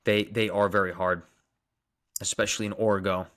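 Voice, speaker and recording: A young man with a Long Island accent talks to his live stream audience. His voice sits a little low, and he reads viewers' names off the screen before answering each comment in a loose, casual way. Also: level tone, normal speed, fairly bright tone. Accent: Long Island New York. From Long Island, New York. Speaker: dentist livestream host.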